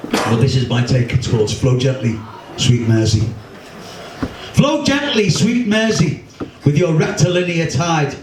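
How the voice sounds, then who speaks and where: A man's voice: a little high, big pitch swings, a little slow. Liverpool man reciting comic verse. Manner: rhythmic, rhyming delivery with wry humour. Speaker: poet and performer. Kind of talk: live comic poetry recital. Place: pub function room. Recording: echoey room, distant mic, faint hum.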